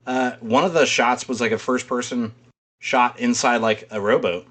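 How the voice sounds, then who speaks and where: A podcast co-host chats casually, rambling, swearing freely, and laughing often. His mid-range voice has fairly even intonation, a moderate pace, and a fairly bright tone.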